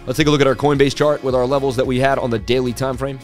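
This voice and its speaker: Man, crypto stream host, casual chatty talk, reads comments aloud, mid-pitched voice, faint music behind. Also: steady tone, fast, hardly any pauses. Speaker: crypto market livestream host.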